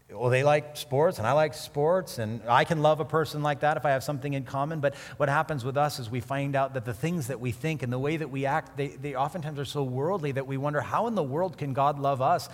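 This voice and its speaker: Man preaching in a reverberant hall. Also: mid-range voice. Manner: earnest, conversational, rising to emphatic peaks. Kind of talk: sermon.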